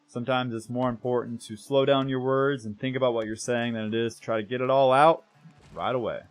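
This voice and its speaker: Streaming a game, a young American man talks casually with his viewers in a medium-pitched, brisk voice with fairly even intonation. He rambles, corrects himself as he goes and lets his words trail off softly.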